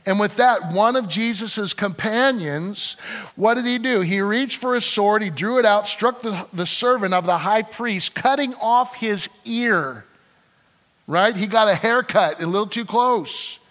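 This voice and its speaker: A male pastor preaching a sermon in an animated, conversational way, repeating his phrases for emphasis. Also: sits high, a little slow, in a large hall. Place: church sanctuary.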